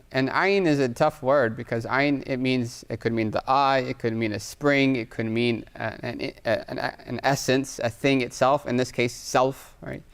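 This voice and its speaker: An Arabic grammar teacher gives a patient classroom lecture, writing examples on a board and frequently pausing to ask "right?" His middling-pitched voice has a gravelly edge but remains smooth and clear.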